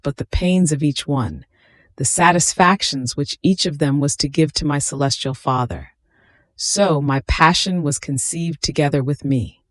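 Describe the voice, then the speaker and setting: A reader voicing a suffering infant Christ in a slow, tender, pleading devotional reading. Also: medium pitch, dry recording, studio quality, lightly acted.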